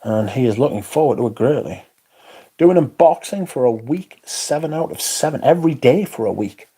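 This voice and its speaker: A man's voice: mid-range voice, expressive, moderate pace, dark tone, husky. A man hosting a livestream, chatting casually, reading out comments and swearing in exasperated asides. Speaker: livestream host.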